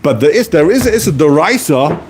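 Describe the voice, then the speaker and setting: A man's voice: on the high side, big pitch swings, brisk, a little mellow, slight background noise. A man teaching a text class, posing questions and answering them, repeating key phrases as he explains. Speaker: Talmud teacher. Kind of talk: lively explanatory lecture.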